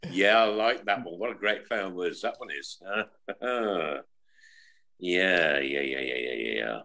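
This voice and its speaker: A man's voice: low-pitched, takes it slowly, sharp tone. A man from England with a Midlands accent, hosting a football podcast with a jokey, announcer-like way of talking. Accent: English Midlands. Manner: jokey, announcer-like, laughs a lot. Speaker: podcast host. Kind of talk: casual chat.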